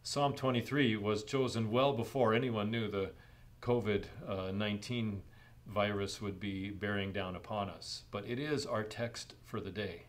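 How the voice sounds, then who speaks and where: A middle-aged man pastor preaching a sermon in a measured way, rising in emphasis on key points. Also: fairly low pitch, fairly even intonation.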